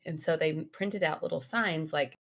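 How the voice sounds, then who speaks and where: A woman co-hosting a podcast in casual chat, wry and quick with sarcastic asides, who works at a school library. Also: low-pitched, vocal fry, fairly bright tone. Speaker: podcast co-host.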